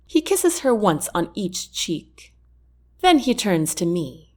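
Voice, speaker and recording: A woman reading a first-person romance audiobook in an expressive storytelling manner. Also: medium pitch, takes it slowly. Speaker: audiobook narrator.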